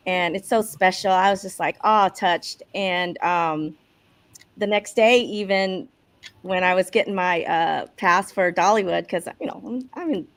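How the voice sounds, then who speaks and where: A woman's voice: fairly low pitch, a little slow. Bubbly giggly woman on a video call. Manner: bubbly, giggly, rambling with many restarts. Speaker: podcast guest, coach. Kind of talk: casual interview talk. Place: Airbnb rental room.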